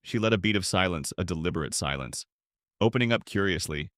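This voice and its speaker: A man narrating a scripted story in a steady, even storytelling manner. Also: sits low, fast talker, dry recording, clean studio sound.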